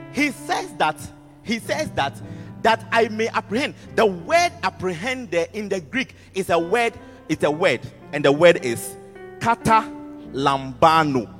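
A man preaching a sermon to students, animated, repeating words and asking the audience questions. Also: high voice, measured pace. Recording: music underneath, long hall reverb.

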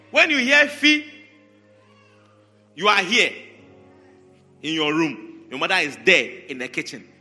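A man preaching a sermon, animated and repetitive, calling on members of the congregation by name. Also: fairly high pitch. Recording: large hall reverb, faint music.

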